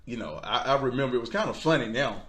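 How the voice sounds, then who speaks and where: A man's voice: mid-range voice, quick pace. A man telling a personal faith testimony, acting out other people's voices and laughing often. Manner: animated, acts out quoted voices, laughs often. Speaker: guest. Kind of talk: storytelling testimony.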